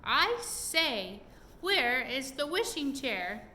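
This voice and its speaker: A fiery little pixie who is quick to anger, put on by a woman reading aloud. He speaks loudly and indignantly in a high, bright voice. It is a storybook reading. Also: animated, roomy sound, a little hiss or hum. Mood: alarmed. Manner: loud and indignant. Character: hot-tempered little male pixie.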